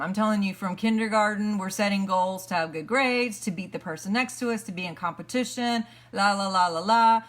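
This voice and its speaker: A woman giving a self-help teaching talk as a motivational coach, energetic and repetitive, explaining points step by step. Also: medium pitch.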